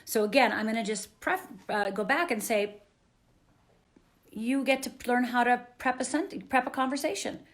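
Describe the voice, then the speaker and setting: A woman giving an earnest, animated coaching talk to camera, often checking in with the listener. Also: a little high, normal speed. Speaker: self-help coach.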